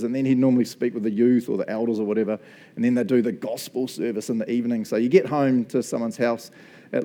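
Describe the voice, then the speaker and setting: A man with a New Zealand accent preaching a casual, jokey sermon full of stories. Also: medium pitch. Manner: chatty, jokey, animated storyteller.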